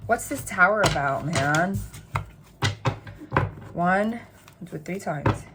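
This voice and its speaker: A woman's voice: lowish voice, expressive, slow pace, heavy background noise. A woman giving a tarot reading to her viewers, chatty and emphatic, repeating phrases again and again. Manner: chatty and spontaneous, talks straight to the viewer. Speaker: tarot reader.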